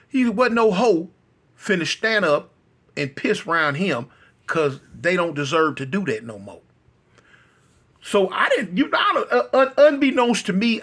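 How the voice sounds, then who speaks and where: High, animated male storyteller. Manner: animated, rambling with many fillers and repeats. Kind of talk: casual storytelling.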